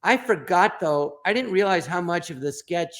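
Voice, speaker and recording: A man, a guest comedian, telling anecdotes and acting out the people in them with animated bursts. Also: sits high, moderate pace. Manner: acts out quoted voices in animated bursts. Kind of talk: storytelling anecdotes.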